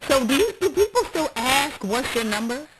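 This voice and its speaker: A woman's voice: high voice, sing-song. A woman hosting a podcast, talking in a brash, candid way and laughing at her own stories. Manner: brash, candid storyteller, quick to laugh at herself. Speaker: podcast host. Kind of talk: casual chat. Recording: loud background noise.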